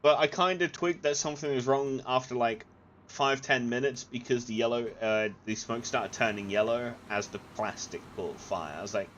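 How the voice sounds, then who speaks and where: A man telling rambling stories to friends in a casual voice chat, halting with fillers and restarts. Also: mid-range voice, a bit bright, slight background noise. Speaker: gamer chatting with friends on voice chat. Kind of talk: casual storytelling.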